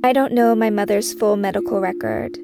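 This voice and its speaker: A woman narrating her own memoir in a measured, reflective scripted reading for a podcast she wrote. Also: medium pitch, gravelly, over music.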